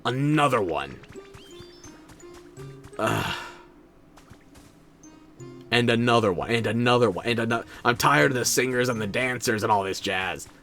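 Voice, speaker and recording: A man's voice: mid-range voice, animated, a little slow, gravelly, long pauses, a bit bright, soft background music. A tired man streaming a video game, talking in a sardonic, theatrical way. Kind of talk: game commentary.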